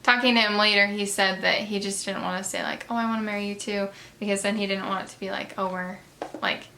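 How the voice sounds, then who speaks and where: A young woman telling embarrassing stories in a casual, chatty way while doing her makeup, with lots of fillers and lively retelling. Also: mid-range voice, quick pace. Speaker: beauty vlogger.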